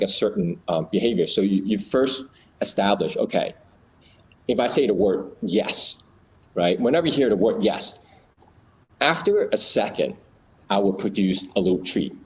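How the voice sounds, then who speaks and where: A man's voice: lowish voice, rough recording. A man in a casual chat, explaining ideas through little acted-out stories, with many fillers and restarts.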